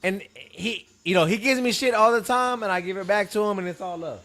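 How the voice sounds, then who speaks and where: A man tells a story in a relaxed podcast chat. His voice sits a little high, and he voices the people he quotes with lively shifts. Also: a little fast. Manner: animated, acts out others' quotes.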